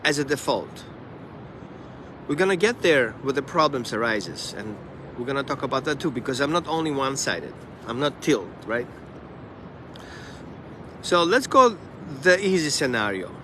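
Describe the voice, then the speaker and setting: A man who trains dogs, talking casually on a live stream and acting out the dog and the owners in quick asides. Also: mid-range voice, very animated, pushed and bright, slight background noise.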